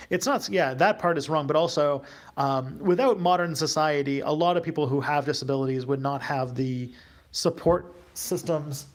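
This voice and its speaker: A man's voice: medium pitch, gravelly. A man hosting a livestream, reading out viewer questions and answering them off the cuff, with a hesitant delivery full of fillers and restarts. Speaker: YouTube host.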